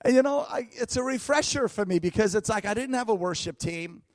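A man preaching a storytelling sermon at a church service, lively, laughing often and breaking into shouts. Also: high-pitched, brisk, no echo. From United States.

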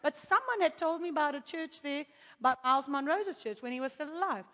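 A woman preacher telling a testimony to her audience in an animated, chatty way, with asides to the crowd. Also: high voice, a little fast. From South Africa. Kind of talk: testimony in a sermon. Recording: long hall reverb.

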